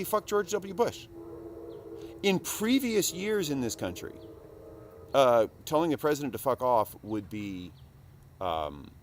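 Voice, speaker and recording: Profane rambling man, faint hiss. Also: mid-range voice. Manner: profane, swinging from mumbles to loud outbursts. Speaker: speaker recording a monologue. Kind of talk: rambling casual monologue.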